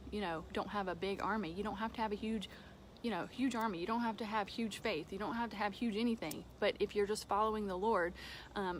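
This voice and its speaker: A woman giving an informal devotional talk from home, conversational, with fillers and soft laughs. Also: medium pitch, a little hiss or hum. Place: home with a dog nearby.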